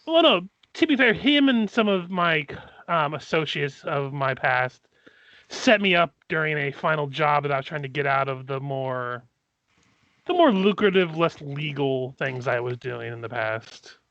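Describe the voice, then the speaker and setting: A man voicing a dwarf who was once a thief, confessing in a halting, hesitant way, on dull lo-fi audio. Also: fairly high pitch, lively intonation, a bit bright, dry recording.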